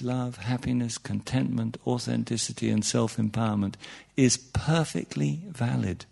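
Guy with a gravelly voice teaching meditation, chatty and jokey, keeps saying you know, pitch jumps up when he makes a point. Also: darkish tone. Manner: chatty and humorous, many asides and "you know"s. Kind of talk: informal spiritual talk to an audience.

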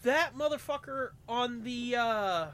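A man's voice: very high voice, slow pace, a bit bright, clean tone. A man co-hosting a casual movie commentary, joking around with crude, playful banter. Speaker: podcast co-host.

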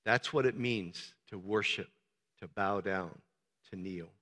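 A man preaching a sermon as pastor, swinging from soft, low talk to loud, emphatic shouting. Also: takes it slowly. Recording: long reverb of a large hall.

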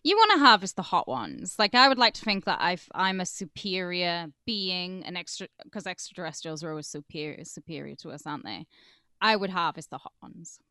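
A woman co-hosting a comedy podcast, trading teasing, quick-witted banter. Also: lowish voice, sing-song, sharp tone, dry recording, studio quality. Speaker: podcast co-host. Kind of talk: casual comedic chat.

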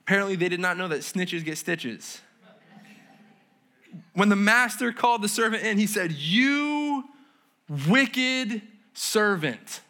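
A man's voice: sits high, steady tone, normal speed, pauses often, bright, forceful tone. A man preaching a sermon at a church service, talking in a casual, conversational way with slang and questions to the congregation. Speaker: pastor.

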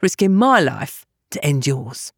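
A woman voicing a gruff, sardonic young man who grumbles bluntly and uses rough slang. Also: low-pitched, big pitch swings, unhurried, dry recording, studio quality, voice pushed down, heavily acted. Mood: dry.

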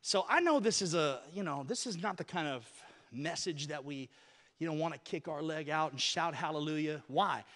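A man's voice: fairly high pitch, moderate pace, a bit bright. A man preaching a sermon to a church congregation, calling for responses and repeating key phrases for emphasis. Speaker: pastor.

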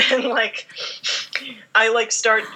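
A young woman, a fan fiction writer, chatting as a guest and telling long, animated stories that she laces with laughter. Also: fairly high pitch, very slow, poor audio. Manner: rambling, animated storytelling with laughter. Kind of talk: casual chat.

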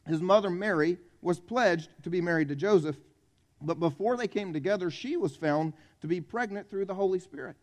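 A man's voice: high-pitched, a little fast. A man from South Carolina, preaching a folksy, conversational Christmas Eve sermon in a church. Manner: conversational, folksy, jokes with the congregation. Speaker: pastor.

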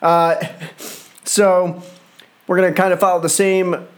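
A man's voice: high-pitched, level tone, slow pace. A young man reviewing a wrestling show in a casual, rambling, exasperated way, full of fillers. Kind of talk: casual solo commentary.

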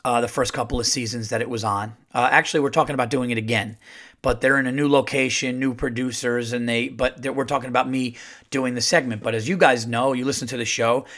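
Podcast host, man, mid-pitched, swears a lot, lively storyteller doing solo monologue. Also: quick pace. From Italian-American family. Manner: profane, animated storytelling. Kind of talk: casual monologue.

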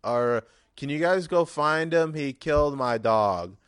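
A man voicing a frantic dog owner who loudly demands that the police act. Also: a little high, animated, unhurried, clear, resonant tone, voice pushed up. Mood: outraged. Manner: loud, pleading, outraged. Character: upset, frantic grown man whose dog was killed.

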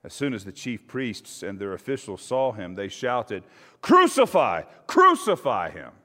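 A man's voice: fairly low pitch, moderate pace. A male pastor giving a conversational sermon and reading scripture. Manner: conversational, hesitant with fillers. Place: church sanctuary. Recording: long church reverb.

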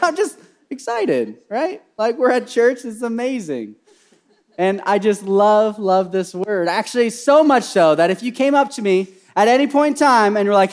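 A male pastor preaching an energetic sermon, bubbly and excitable, filling his talk with "like" and "right?". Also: sits high, normal speed. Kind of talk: energetic sermon to a church congregation.

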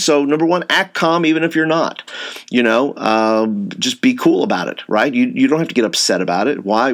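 A man's voice: mid-range voice, a bit bright. A man giving an informal training talk to youth workers, rambling, with frequent fillers and repeated words. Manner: says he tends to raise his voice.

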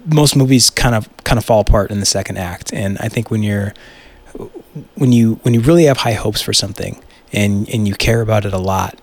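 A young man hosting a casual solo podcast, rambling and excitable, swearing freely and restarting his sentences. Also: on the low side, a little fast. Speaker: podcast host.

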